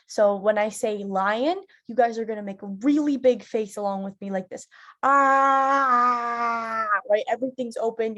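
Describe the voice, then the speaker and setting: A woman leading a theatre warm-up lesson, giving friendly instructions with frequent "um"s and breaking into loud demonstration sounds. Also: medium pitch. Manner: instructive, filler-heavy, with loud vocal demonstrations. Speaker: drama teacher.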